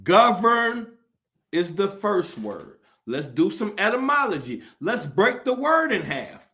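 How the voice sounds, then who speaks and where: A man's voice: sits high, big pitch swings, takes it slowly, fairly bright tone. Fiery, profane man on a rant. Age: adult. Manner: profane, fiery, preachy rants with rhetorical questions. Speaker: commentator. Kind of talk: impassioned monologue.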